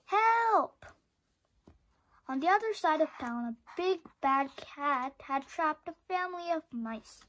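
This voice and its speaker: High-voiced woman reading a picture book aloud. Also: measured pace, few pauses. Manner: expressive, with sound effects. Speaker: storyteller. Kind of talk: children's book read-aloud.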